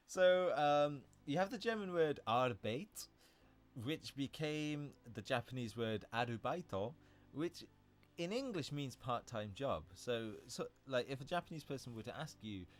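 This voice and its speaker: A man with an expressive, mid-range voice speaks a little slowly while hosting a casual livestream. He explains English vocabulary chattily, often correcting himself and laughing at his own slips.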